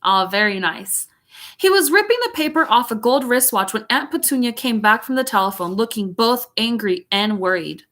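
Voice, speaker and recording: A woman's voice: a little high, animated, moderate pace, a bit bright. A woman teacher reading a chapter book aloud, breaking off for chatty, giggly asides.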